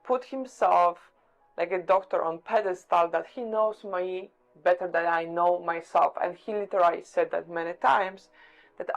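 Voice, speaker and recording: A woman speaks in a documentary interview about her former partner. Her voice sits a little low and sounds slightly muffled. Quiet music plays behind her. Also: measured pace, vocal fry. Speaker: abuse survivor.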